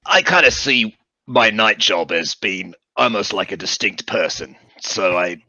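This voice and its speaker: A man playing a tabletop game, talking in a halting, casual way. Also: fairly low pitch, lively intonation, bright, forceful tone, no room sound, highs cut off. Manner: halting, self-interrupting. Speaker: player. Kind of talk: casual role-play talk.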